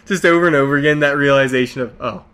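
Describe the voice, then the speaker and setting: A man's voice: a little high, smooth. A man co-hosting a podcast, telling stories in casual chat with frequent laughter and acted-out quotes. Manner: animated storyteller, laughs often, acts out quotes. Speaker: podcast co-host.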